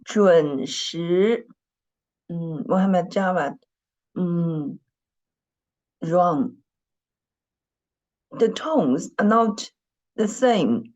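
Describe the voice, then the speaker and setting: A woman teaches over a video call, talking very slowly and patiently. Her voice sits a little low, and she repeats each word and often clears her throat. The call audio is dull and lo-fi. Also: darkish tone. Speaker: Mandarin teacher. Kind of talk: online dictation lesson.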